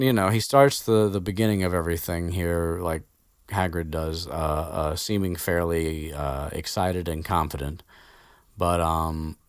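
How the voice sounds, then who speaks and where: Very deep-voiced man rambling casually. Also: no echo, studio quality. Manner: rambling, full of fillers and restarts, swears offhandedly. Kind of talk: casual book recap chat.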